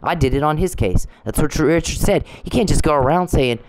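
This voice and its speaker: A woman's voice: deep voice, fairly quick, hardly any pauses, darkish tone, a little hiss or hum, low-quality recording. Combative woman ranting, profane and rambling. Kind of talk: angry monologue to camera.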